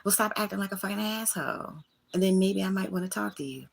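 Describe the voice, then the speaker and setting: A woman with a creaky, mid-range voice speaks at a quick pace while hosting her own livestream. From a small room at home, she addresses her chat directly and vents without holding back.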